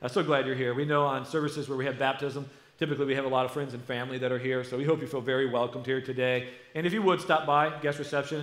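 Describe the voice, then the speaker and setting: A middle-aged American man, lead pastor of his church, preaching a conversational, animated sermon. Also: medium pitch. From United States. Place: church sanctuary. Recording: echoey church hall.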